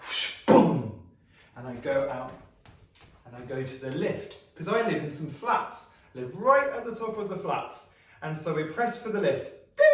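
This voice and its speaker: A man's voice: fairly high pitch, far from the mic. A man leading children through a playful action story with sound effects and coaxing prompts, as a music practitioner in a live online session. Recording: very echoey room, voice set back from the mic.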